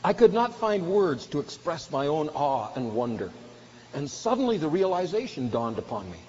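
A man's voice: on the high side, very animated, moderate pace, darkish tone. A man preaching a sermon with earnest, emphatic delivery that swells at key points. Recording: dull recording with faint hiss.

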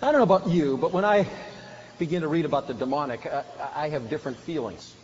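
A man delivers a sermon in an earnest, emphatic way, pressing hard on his key points. His voice sits a little high. The recording is dull, with faint hiss underneath. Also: quick pace, darkish tone. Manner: earnest, emphatic preaching that swells with feeling. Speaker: preacher.

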